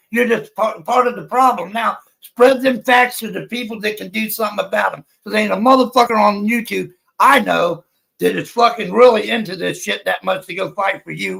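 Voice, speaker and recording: A man's voice: sits high, creaky, bright, forceful tone, rough recording. A man, ranting angrily on a livestream and swearing constantly. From United States. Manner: profane and heated, swears constantly. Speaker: livestream panelist. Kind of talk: angry livestream rant.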